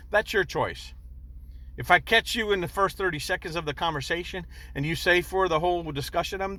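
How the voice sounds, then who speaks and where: Man, 60s, vlogger, bright voice, rambling and earnest, preachy storytelling. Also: on the high side. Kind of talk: personal storytelling monologue.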